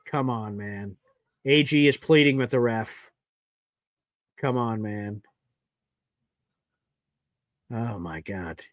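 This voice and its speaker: A man hosting a live sports watch party, giving emotional play-by-play that swings from nervous muttering to loud cheering. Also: fairly low pitch, slow pace, dry recording.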